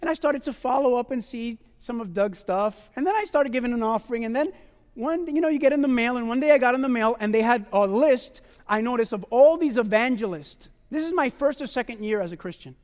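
A man preaching a testimony sermon in an animated way, often calling his listeners "my loved ones" and asking "amen?". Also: extremely high pitch, fairly quick, in a large hall.

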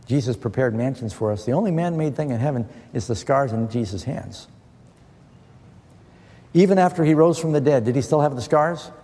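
Mellow-voiced preacher in a reverberant hall. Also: male voice, mid-range voice, lively intonation, normal speed. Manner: poses questions then answers them with scripture, earnest and emphatic. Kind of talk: sermon, Bible study question and answer. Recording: long reverb of a large hall.

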